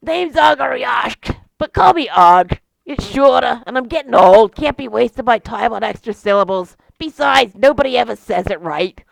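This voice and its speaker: A woman's voice: a little high, animated, normal speed, gravelly, dry recording, exaggerated voice, rough recording. A woman voicing an old, weary beholder monster with a wheezing, grumbling manner and a Boston accent.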